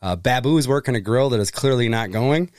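A man's voice: medium pitch, lively intonation, a little fast, dry recording, clean studio sound. A man co-hosting a podcast, recapping in casual chat, laughing often and swearing casually. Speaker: podcast co-host.

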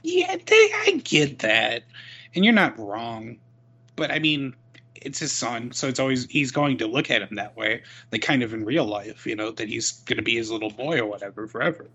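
An easygoing man co-hosting a casual chat, softening his points with "you know" and "kind of". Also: medium pitch, expressive, moderate pace, breathy edge. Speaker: co-host.

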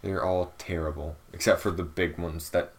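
A man's voice: low-pitched, steady tone, moderate pace. A young man, co-hosting a casual podcast, laid-back and laughing often. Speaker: podcast co-host. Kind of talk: casual chat.

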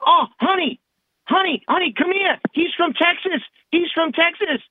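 A man's voice: very high-pitched, lively intonation, moderate pace, voice pushed up. A man putting on a pushy, friendly older Long Island man with a New York accent, over a lo-fi line. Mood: excited.

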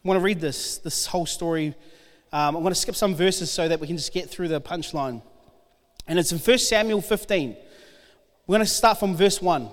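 A man delivers a sermon with a notably high voice, reading a Bible story and playing out its speakers. His words ring through a church hall with a long, lingering reverb. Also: moderate pace. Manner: animated, acts out the Bible figures' lines. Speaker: preacher. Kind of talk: sermon reading scripture aloud.

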